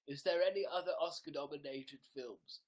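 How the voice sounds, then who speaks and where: Playful young man on a livestream. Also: fairly high pitch. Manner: silly, playful. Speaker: livestream host. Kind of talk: casual livestream chat reading comments.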